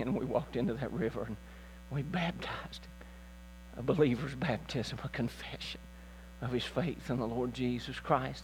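A man's voice: medium pitch, a little mellow, a little hiss or hum. An older man preaching a sermon as pastor, building to emphatic, rising calls to his church.

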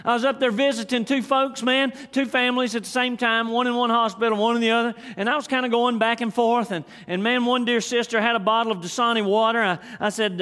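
A middle-aged man preaching a sermon. He swings between hushed, drawn-out phrases and shouted, repeated lines. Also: extremely high pitch, steady tone, smooth. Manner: dramatic swings from hushed to shouted, repetitive emphatic delivery. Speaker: pastor. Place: church sanctuary. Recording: long reverb of a church hall.

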